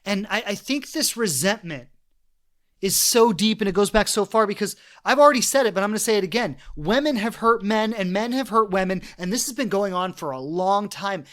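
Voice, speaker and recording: A man's voice: sits high, animated, a little fast, a bit bright. A man hosting a relationship podcast, talking earnestly in a reflective monologue and retelling stories with quoted voices. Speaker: podcast host.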